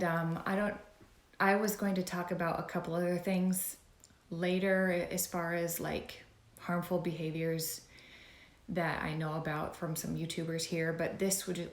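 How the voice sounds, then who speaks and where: A woman's voice: fairly low pitch, reverberant. A woman YouTuber talking in an earnest, rambling, emotional way, speaking out in a commentary vlog.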